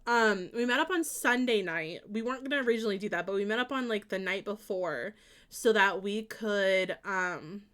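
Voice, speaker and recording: A young woman streamer talks with a mid-range, animated voice at a moderate pace, her tone pushed and bright. She's bubbly and giggly, chatting casually with viewers while playing a game, laughing often and reading their chat messages aloud.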